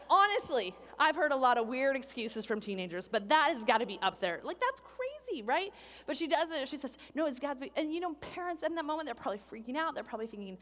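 Animated woman preaching in a reverberant hall. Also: sits high, fast talker. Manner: animated, acts out voices of people in the story. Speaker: pastor. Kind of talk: sermon. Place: church hall with a congregation.

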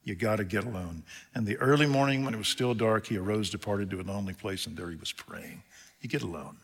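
A man preaching a sermon, retelling scripture scenes in plain speech and swinging from loud, urgent peaks to hushed lows. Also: fast, gravelly, slightly rough, long reverb tail.

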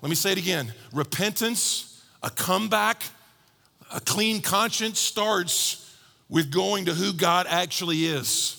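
A man preaching a sermon, telling a story with lively quoted voices and shifting from bold to hushed. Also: sits high, a little slow, gravelly, big-room sound. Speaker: pastor.

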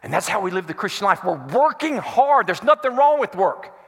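This pastor's voice is high, animated, brisk and a little rough. He's delivering a sermon to his congregation in an echoing church hall, firing call-and-response questions at them.

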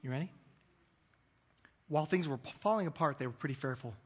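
A man preaching a sermon, animated and playful, acting out the voices of the disciples. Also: on the high side, fairly quick, husky. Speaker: pastor. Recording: long hall reverb.

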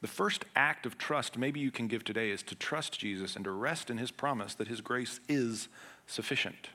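Here a male pastor gives a sermon at medium pitch and an ordinary pace. The delivery feels earnest and talk-like, with down-to-earth jokes, alternating between booming emphasis and softer, quieter sections.

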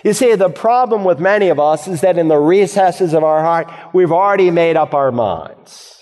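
A man delivers an earnest, emphatic sermon, reading verses aloud and pressing rhetorical questions on the congregation. His voice sits a little high for a man. A long hall reverb trails behind every phrase. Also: lively intonation, moderate pace, a little mellow. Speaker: preacher.

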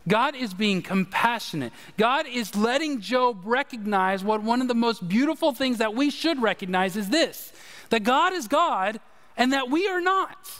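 Animated preacher in a reverberant hall. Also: male voice, high-pitched. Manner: animated, emphatic preaching with direct address. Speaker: pastor. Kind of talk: sermon.

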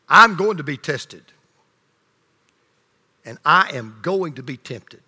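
Male pastor preaching in a big church hall, high ringing voice, gets loud then drops real quiet. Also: expressive, slow, long pauses, husky. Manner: dynamic preaching, swinging from loud emphasis to hushed low lines; leads the congregation in call and response. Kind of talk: sermon. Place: church sanctuary. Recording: long reverb of a large hall.

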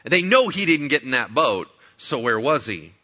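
A man's voice: mid-range voice, big pitch swings, moderate pace, pushed and bright, highs cut off. A man preaching a sermon as pastor, conversational, with rhetorical questions and playful asides.

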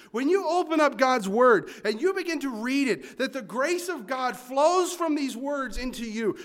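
A man preaching a sermon, swinging from loud emphatic points to quiet asides and acting out listeners' complaints in mock voices. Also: high voice. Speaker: pastor.

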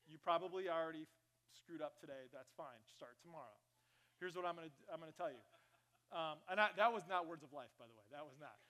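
Bright, high-voiced jokey male pastor. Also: fast talker. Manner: conversational, jokey preacher with sudden loud bursts. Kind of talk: sermon. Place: church.

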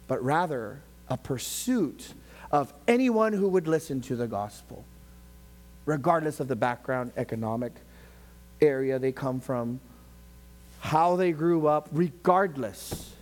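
A man's voice: mid-range voice, expressive, a little slow. Fervent male pastor preaching a sermon. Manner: swings from quiet to loud, shouting passionately at peaks; acts out voices of biblical figures while preaching.

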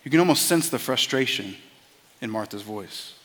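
A man's voice: medium pitch, animated, normal speed, a bit bright, in a large hall. A man preaching a sermon as a pastor, earnest and conversational, often repeating words as he starts a phrase.

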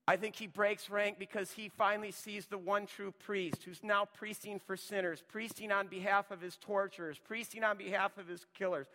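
A pastor preaching a sermon, rising to loud emphatic lines and dropping to a hushed near-whisper. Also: male voice, high-pitched, long reverb tail.

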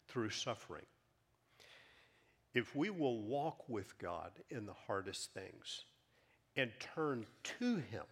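A man preaching a sermon as pastor, emphatic, rising loud then dropping to a hush. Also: fairly low pitch, slightly rough. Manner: emphatic, swings from loud to hushed.

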